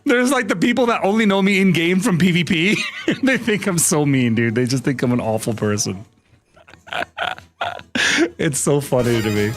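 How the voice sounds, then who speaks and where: High, lively-voiced exasperated male streamer. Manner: exasperated, swearing, laughing often. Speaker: VTuber streamer. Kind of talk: casual live-stream chat.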